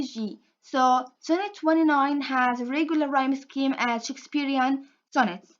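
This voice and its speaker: High-voiced young woman giving a class talk. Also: lo-fi sound. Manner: careful, halting, repeats phrases. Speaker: student presenter. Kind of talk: class presentation.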